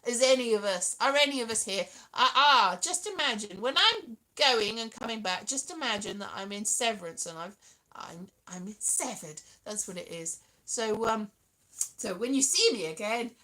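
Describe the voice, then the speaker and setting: Bright, high-voiced woman rambling playfully. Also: expressive, normal speed. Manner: rambling, playful, drifts into sing-song asides. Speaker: vlogger. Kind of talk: casual solo chat to camera.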